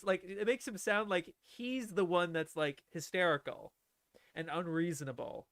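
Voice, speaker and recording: Young male streamer, lively swooping delivery, slightly high, dry close sound, animated commentary. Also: no echo. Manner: animated, laughing, quotes lines aloud. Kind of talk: casual film-commentary stream.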